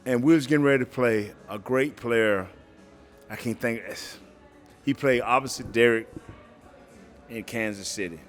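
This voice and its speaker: A man's voice: mid-range voice, a little slow, pauses often, faint music behind. A middle-aged man, a former pro football player, telling stories as a guest in a casual interview and acting out the voices of the people in them. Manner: animated storyteller who acts out quoted voices and laughs often.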